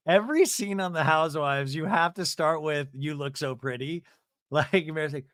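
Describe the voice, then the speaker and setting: Male host in his thirties, comic recapper, bouncy higher pitch, dry close mic. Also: moderate pace, no echo. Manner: animated, mimics cast members in exaggerated voices. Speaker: podcast host recapping a reality show. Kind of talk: comedic recap with mock quotes.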